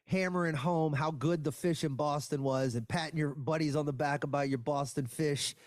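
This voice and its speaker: A man's voice: a little high, fairly even intonation, normal speed, no room sound. A man in casual podcast chat, making emphatic, argumentative points with plenty of swearing.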